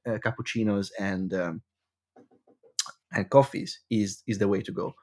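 A man co-hosting a coffee podcast, explaining his view in a measured way with a few stumbles. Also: fairly low pitch, fairly even intonation, darkish tone. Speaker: podcast co-host. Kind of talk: casual chat.

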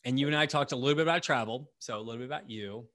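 A man's voice: mid-range voice, rapid-fire, fairly bright tone. A man from the United States hosting a casual podcast interview, talking in a chatty, rambling way with many restarts. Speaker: podcast host.

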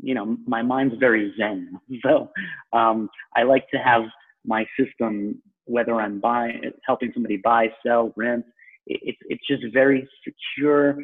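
A man's voice: mid-range voice, steady tone, measured pace, breathy edge. A man with a New York accent, from Long Island, talking casually as a podcast guest with many loose restarts. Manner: talks in loose restarts, self-described sarcastic. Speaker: guest, real estate broker. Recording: tinny phone-like line.

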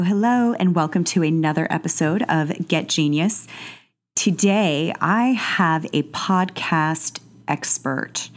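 A woman hosting a podcast, talking in a chatty, gushing way with lots of fillers. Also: low voice. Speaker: podcast host. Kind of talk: casual podcast intro monologue.

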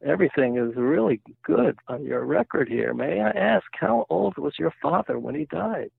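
An older man voicing a young, condescending male doctor, with a gravelly voice over a phone-like line. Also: on the high side, expressive, normal speed, dry recording, exaggerated voice. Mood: gushing.

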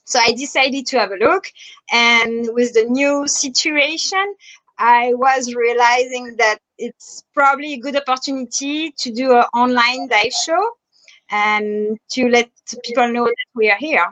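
A French woman, a dive instructor and resort manager, answers questions in an online interview with a French accent and many hesitant fillers. Her voice is on the high side and fairly bright, a little slow, and the sound is lo-fi.

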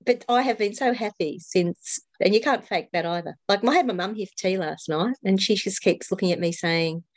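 A woman's voice: mid-range voice, fairly quick, dry recording. A woman in her fifties, an author talking earnestly as a guest, often laughing and repeating her words. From Australia. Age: 50s. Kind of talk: casual interview talk.

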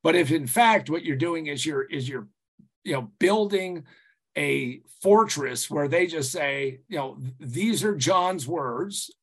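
A man telling stories as a consultant guest on a podcast interview, rambling and animated, full of "you know" and restarts, swearing casually. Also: on the high side, slow, breathy edge.

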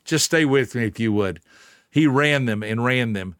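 Man, mid-pitched, earnest motivational storyteller, dry close sound. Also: normal speed, fairly bright tone, clean tone, no room sound. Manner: earnest, emphatic, speaks directly to listener. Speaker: motivational speaker.

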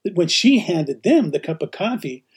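Husky, slightly high-voiced male host recounting travel stories with frequent laughter. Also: normal speed. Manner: animated, laughs often while telling stories. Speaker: podcast host and teacher. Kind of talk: casual storytelling.

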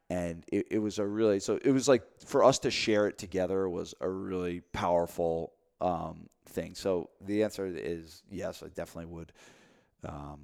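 Low-voiced guy rambling through a story, lots of stops and restarts. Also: moderate pace, gravelly, a little mellow. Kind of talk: casual chat.

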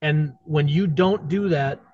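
A man's voice: on the high side, slow, darkish tone, no echo. A middle-aged man, a podcast guest, talking candidly and bluntly in casual conversation, swearing and repeating himself. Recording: dull lo-fi sound, dry.

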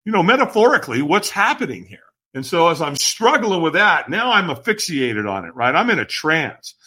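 A man's voice, a little higher than usual, swinging widely in pitch as he tells a personal story. His tone is bright and forceful, and he talks emphatically as a podcast guest, acting out other people's lines. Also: very animated, brisk, slightly rough. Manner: acts out quoted voices, emphatic. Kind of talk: animated storytelling in conversation.

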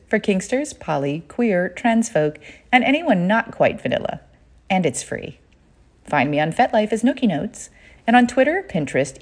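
A woman hosts her own podcast and talks alone to her listeners. Her voice sits low but moves a lot, and she tells her stories in a playful, chatty way. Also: darkish tone. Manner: playful, chatty storytelling with laughs. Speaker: podcast host. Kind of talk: solo podcast monologue.

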